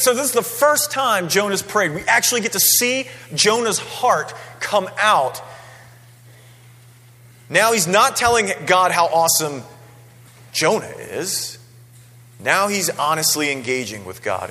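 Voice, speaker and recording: A man preaching a sermon in a church, conversational and animated, often checking in with "right?". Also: high-pitched. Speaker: pastor. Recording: long hall reverb.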